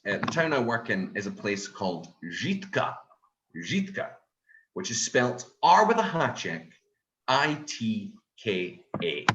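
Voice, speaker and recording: A Scottish comedian delivers a stand-up set, telling his story in an animated, sweary way. His voice swoops widely up and down. It rings out in a roomy, echoey space. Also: medium pitch, lo-fi sound, slight background noise. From Scotland.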